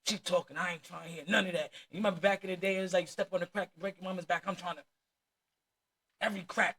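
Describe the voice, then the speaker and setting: A woman's voice: fairly low pitch, fast talker, fairly bright tone. A woman with a New Jersey accent telling her life story candidly, in blunt street slang with plenty of swearing.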